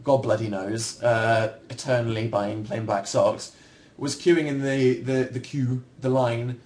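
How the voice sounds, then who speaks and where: A young Englishman chatting loosely into his computer at home, replying to viewers. His delivery wanders and turns on himself with dry, self-mocking humor. His pitch sits right in the middle for a man. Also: steady tone, measured pace, a little mellow. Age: young adult. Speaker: livestream host. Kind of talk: casual livestream chat answering viewers.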